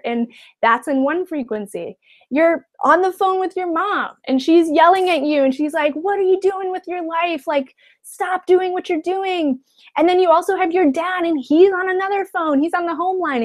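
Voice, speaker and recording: High-voiced woman coaching in a webinar. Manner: encouraging, says "okay?" often, acts out voices. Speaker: life coach. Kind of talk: webinar talk.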